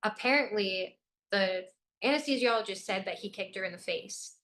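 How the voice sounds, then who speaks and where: A woman's voice: mid-range voice, moderate pace, a bit bright. Young adult woman, interview guest, from Illinois; intense, urgent storyteller, mid-range voice. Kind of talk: personal account in an interview.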